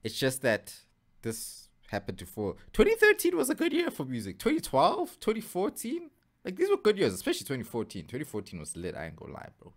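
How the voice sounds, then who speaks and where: A man rambling excitedly in casual chat while reacting to a video. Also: a little high, fairly quick. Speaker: co-host reacting.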